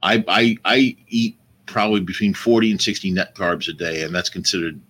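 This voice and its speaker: A man's voice: deep voice, steady tone, normal speed, fairly bright tone. A man in his sixties, a cooking show host who chats easily and explains things patiently as a guest. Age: 60s. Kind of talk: casual chat.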